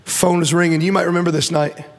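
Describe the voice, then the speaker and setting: A man giving an animated personal testimony to a church audience, acting out the voices in his story and often restarting sentences. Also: a little high, quick pace, big-room sound. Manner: animated storytelling, acts out quotes, repeats and restarts. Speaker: guest speaker.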